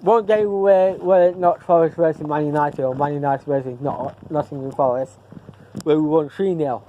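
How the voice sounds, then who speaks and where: A man's voice: a little high, fairly even intonation, a little fast, narrow, tinny audio, slight background noise. A man chatting casually to camera in a vlog, rambling and repeating himself as he loses his thread. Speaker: vlogger.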